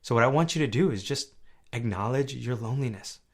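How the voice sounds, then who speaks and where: A young man hosting a faith podcast, talking earnestly and conversationally, dropping soft and low at times and then rising loud and high when stirred. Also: brisk. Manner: earnest, conversational, often asks "right?". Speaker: podcast host. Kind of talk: faith-based personal podcast talk.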